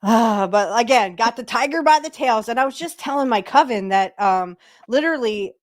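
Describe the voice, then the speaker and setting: Chatty laughing woman, fairly high voice. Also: normal speed. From northern United States. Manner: laughs often, chatty and animated. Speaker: podcast host. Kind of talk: casual chat.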